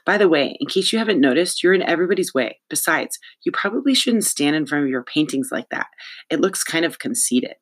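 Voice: medium pitch, lively intonation, brisk, a bit bright, slightly rough. A narrator doing a blunt, impatient young girl.

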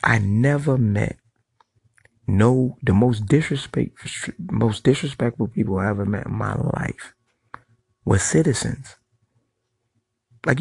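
A man's voice: mid-range voice, gravelly, a little mellow, breathy edge, dry recording. A middle-aged man giving a blunt, profane monologue to camera, telling street stories. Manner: storytelling. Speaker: vlogger.

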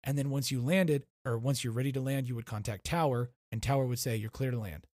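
A man's voice: medium pitch, steady tone, fast, a little mellow, no echo, clean studio sound. A man in casual chat explaining a technical process, swearing freely, restarting and correcting himself as he goes. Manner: acts out radio calls while explaining.

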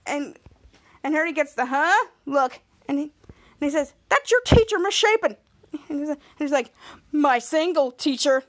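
A woman's voice: high-pitched, steady tone, moderate pace, no room sound. A woman podcast host casually recapping a TV episode, retelling scenes with lots of quoted lines.

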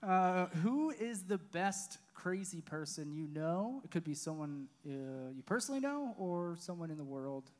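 A man's voice: high-pitched, animated, normal speed, few pauses. A man hosting a podcast, asking playful offbeat questions in casual chat. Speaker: podcast host.

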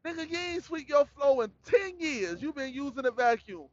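Man, podcast host, high voice, rambling slangy talk, dull lo-fi sound. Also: very animated, moderate pace. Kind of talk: solo podcast rant.

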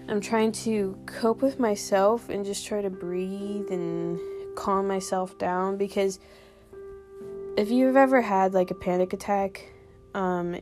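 A young woman hosting her own podcast, talking candidly and ramblingly about personal experience, with lots of "like" and casual swearing. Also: mid-range voice. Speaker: podcast host.

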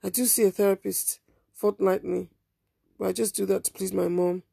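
A woman narrating a first-person story in a quiet, subdued, measured way. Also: mid-range voice, steady tone, creaky, slightly rough, no echo, clean studio sound.

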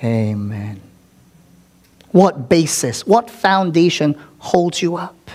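A man's voice: on the high side, very animated, slow pace, darkish tone. A male pastor preaching a sermon with dramatic delivery, repeating words for emphasis and dropping into whispers. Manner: repeats words for emphasis, occasional filler ums.

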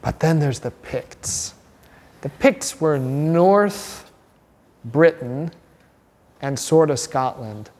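A man, a pastor, teaching a catechism class in a lively, chatty way and asking the group questions. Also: fairly high pitch, very slow, pauses often, big-room sound.

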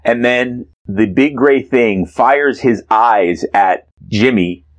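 A man's voice: medium pitch, slow. Playful, teasing man recapping a comic. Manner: playful, teasing, hesitant with fillers. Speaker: podcast co-host. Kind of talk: casual chat recapping a comic.

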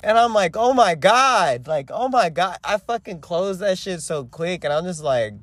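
A man's voice: sits high, animated, normal speed, no room sound. Young man, loose profane talk. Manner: loose, profane and slangy, trailing off and restarting. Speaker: podcast host. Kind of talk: casual solo talk.

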